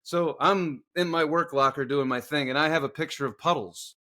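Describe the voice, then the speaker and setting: Casting note: man, casual podcast co-host, sweary storyteller who shouts out his reenactments, voice sits a bit high. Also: normal speed. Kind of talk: casual chat.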